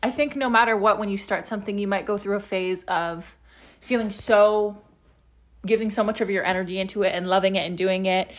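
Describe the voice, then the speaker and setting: A young woman hosting her own podcast from home rambles in a chatty, casual way, swearing and leaning heavily on "like" and other fillers. Her voice is medium-pitched, steady and fairly quick.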